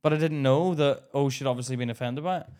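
A man co-hosting a casual podcast, telling a workplace story with plenty of laughter. He acts out the voices of the people in his story, jumping between quoted lines. His voice sits at an ordinary middle pitch for a man. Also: quick pace. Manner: animated storytelling, acting out quotes, laughs often. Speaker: podcast co-host. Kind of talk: casual chat.

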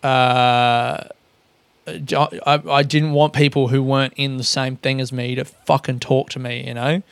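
A man's voice: medium pitch, little pitch movement, unhurried, creaky, smooth, no room sound. An Australian man talking in a loose, rambling solo monologue as a podcast host, swearing often and poking fun at himself. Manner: sweary, rambling, self-mocking.

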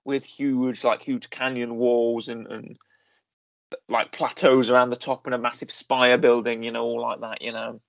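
A man co-hosting a podcast, chatting casually in a rambling way, stopping to correct himself and filling gaps with ums and uhs. His mid-pitched voice sits close to a podcast mic in a dry, dead-sounding room. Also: flat delivery, normal speed, gravelly, no room sound. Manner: rambling, self-correcting, full of fillers. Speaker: podcast co-host. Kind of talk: casual chat reviewing a series.

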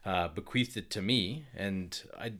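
A man's voice: low-pitched, a little slow, fairly bright tone. A man co-hosting a podcast, telling things in an earnest, enthusiastic way. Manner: earnest, enthusiastic collector talk. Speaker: podcast co-host. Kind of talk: casual chat.

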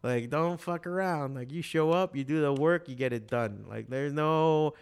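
Smooth-voiced man telling animated stories. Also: mid-range voice, normal speed. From Miami, USA. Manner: animated storytelling, heavy swearing, quotes others in voices. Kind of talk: casual chat.

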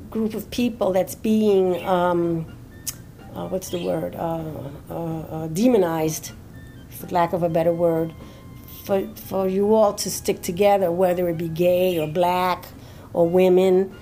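A woman's voice: fairly low pitch, steady tone, slow, dark tone, slight background noise. A woman co-hosting a podcast in frank, unrehearsed chat, talkative and earnest. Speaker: podcast co-host.

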